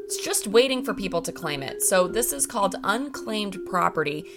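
A woman's voice: mid-range voice, expressive, moderate pace, over music. A woman host asking prompting questions in a conversational way. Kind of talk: casual news discussion.

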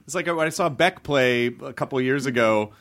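A man hosting a podcast, a comedian himself, talking things through in a relaxed, reflective way. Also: medium pitch, brisk. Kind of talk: casual podcast chat.

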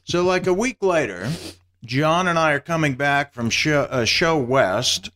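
A man's voice: fairly high pitch, expressive, a little slow, sharp tone. A man who is a guest on a podcast, telling meandering, self-deprecating stories in casual conversation. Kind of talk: casual anecdotal storytelling.

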